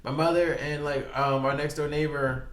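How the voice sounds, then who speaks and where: A man's voice: a little high, steady tone, moderate pace, roomy sound. Profane man telling a rambling story. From Baltimore. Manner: profane, rambling, with quoted dialogue. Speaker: guest. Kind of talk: casual storytelling. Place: podcast studio.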